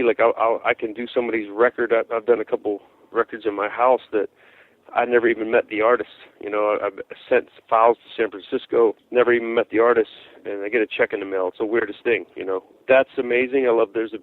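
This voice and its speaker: A man calls in as a guest musician, his voice squeezed through a thin, tinny phone line with a flat, dead sound. He talks casually in an animated way, restarting sentences and repeating words as his stories build. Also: fairly low pitch, fast, hardly any pauses, no echo. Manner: animated storyteller, many restarts. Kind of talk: casual interview chat.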